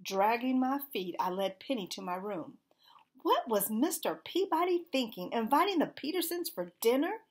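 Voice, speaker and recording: Storybook reader, woman, lively pitch, slightly husky. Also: moderate pace. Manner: expressive, animated reading. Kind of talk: storybook read-aloud.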